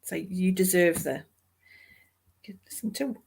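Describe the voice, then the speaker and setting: A woman with a New Zealand accent hosting a casual livestream, chatty and quick to laugh and exclaim. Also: fairly low pitch, creaky, darkish tone, husky. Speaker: livestream host.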